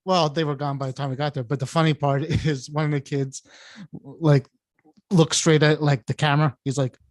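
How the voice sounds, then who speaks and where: A man's voice: on the high side, level tone, moderate pace, no echo, clean studio sound. A man co-hosting a podcast, telling rambling anecdotes with restarts and laughter. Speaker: podcast co-host. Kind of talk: casual chat.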